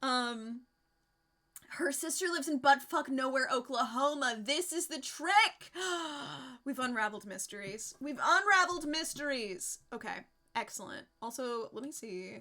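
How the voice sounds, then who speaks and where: A woman talks casually to her live-stream viewers in a bright, forward voice that sits a little higher than most. She rambles from thought to thought, laughs often and swears without a second thought.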